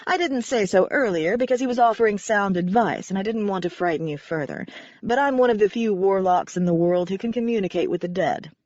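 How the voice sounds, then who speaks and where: A woman voicing a flamboyant, theatrical middle-aged warlock father who speaks in a slow, grandiose, pompous way. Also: mid-range voice, darkish tone, no room sound, natural voice. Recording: dry, slightly dull recording.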